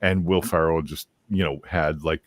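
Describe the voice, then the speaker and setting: A young man with a very deep voice talks casually, tripping over his words and doubling back as he jokes around. The sound is dry and close, with no room around it. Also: steady tone, normal speed, no echo. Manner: stammering, repeats words, jokey. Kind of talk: casual chat. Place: lives in the US South.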